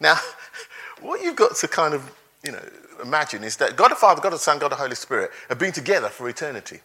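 Male preacher, animated sermon, fairly high, bright and sharp voice. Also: fast. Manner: animated, laughs between points, acts out quotes.

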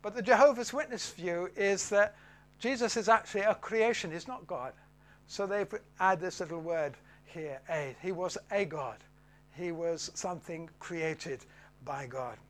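A man's voice: sits high, moderate pace, fairly bright tone. A man giving a Bible teaching talk, hesitant with many fillers, his voice falling away at the end of phrases.

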